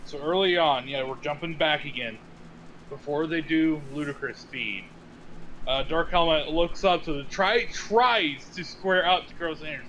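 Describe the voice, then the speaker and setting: Male co-host, crisp bright voice, casual, dull lo-fi audio with light noise. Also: on the high side, normal speed. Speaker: podcast co-host. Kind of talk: casual movie chat. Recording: dull lo-fi sound with faint noise.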